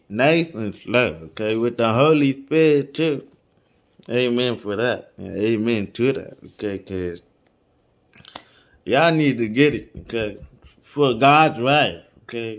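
A man reading scripture aloud slowly, saying every comma and period, then preaching casually to his listeners. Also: mid-range voice. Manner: reads each verse slowly, speaking the punctuation aloud; casual, streetwise preaching, repeating "okay?" and "y'all". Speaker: Bible reader.

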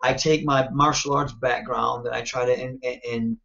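A man from Michigan, a wrestler and interview guest, talking in an animated, confident, self-promoting way and often checking in with "you know what I mean.". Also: mid-range voice, normal speed, creaky, dull audio. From Michigan, United States. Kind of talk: casual interview talk.

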